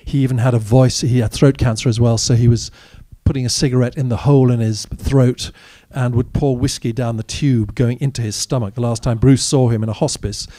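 A man's voice: medium pitch, fairly even intonation, brisk, hardly any pauses, warm tone, no echo, clean studio sound. A man, an actor as guest, telling candid, wry anecdotes in a live audience Q&A at a cinema. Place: cinema stage after a screening.

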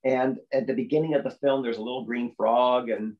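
Man, voice actor, guest on a podcast, lively storyteller, leaps high to act out quotes, mid-pitched voice. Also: brisk, muffled recording. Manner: animated storyteller, acts out quotes with big pitch jumps.

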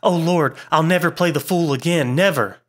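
A panicked amateur actor, his voice gasping and wild, pitched up high with fright, as a male storyteller plays him. It has a bright, edgy ring and rises as his terror builds. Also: moderate pace. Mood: terrified. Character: vain amateur actor, terrified and hysterical man.

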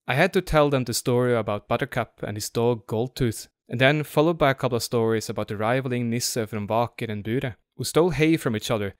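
A man reading a classic story aloud in a steady, even way. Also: medium pitch, dry recording, studio quality.

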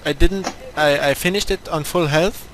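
A man with a slightly raised voice, teasing and boasting to his teammates over game voice chat. The line carries a clear layer of noise. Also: a little high, moderate pace. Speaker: gamer. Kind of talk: casual voice chat while gaming.

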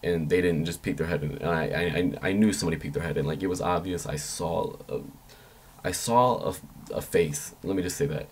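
A young man vlogging a story in a loose, rambling way, swearing freely and jumping up high when he quotes his own panicked thoughts. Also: fairly quick, a little hiss or hum. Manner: rambling, excitable, swears freely, jumps into high squeaky voice when quoting himself. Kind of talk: casual storytelling vlog.

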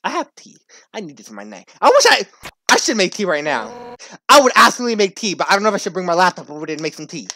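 A man's voice: sits high, very animated, quick pace, no echo. Playful man commenting on a game. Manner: playful, laughing, jumpy loud asides. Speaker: gaming streamer. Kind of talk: let's play commentary.

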